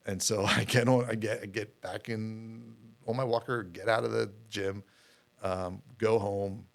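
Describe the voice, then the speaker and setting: A middle-aged man with a low, gravelly voice, speaking as an interview guest. He tells his story candidly and loosely, restarting sentences and repeating words as he goes. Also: steady tone, measured pace. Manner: rambling, repeats words, many fillers. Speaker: podcast guest.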